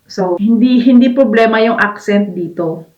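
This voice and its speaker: A woman's voice: medium pitch, moderate pace, a little mellow, highs cut off. A woman from the Philippines with a Filipino accent, chatting casually as a reaction vlogger and laughing between remarks.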